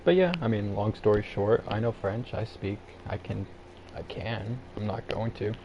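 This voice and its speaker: A man's voice: on the low side, steady tone, normal speed, lo-fi sound, background noise. A man from Canada with a Canadian English accent, chatting casually on his livestream. He rambles, cuts himself off and laughs at himself. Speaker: livestream host.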